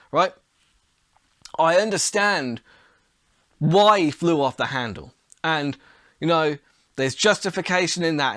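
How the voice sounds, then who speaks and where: A man hosting his own podcast, chatting bluntly and casually, his voice hoarse and worn from illness with the odd cough. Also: fairly high pitch, a bit bright, no echo, clean studio sound. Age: adult. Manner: chatty, blunt, swears mildly. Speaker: podcast host. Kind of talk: casual solo podcast talk.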